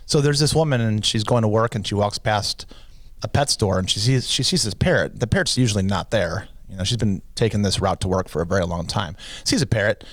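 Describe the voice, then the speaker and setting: A man co-hosting a podcast, telling a long joke in casual chat and pitching his voice up to play the characters. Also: brisk, no room sound. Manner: animated storyteller, pitches voice up for characters. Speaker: podcast co-host.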